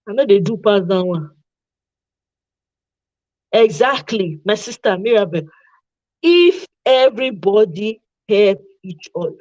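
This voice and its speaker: Animated Nigerian woman, dull dry sound. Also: medium pitch, no echo. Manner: animated, mixes in Pidgin and acts out little scenes. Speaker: host. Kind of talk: casual commentary.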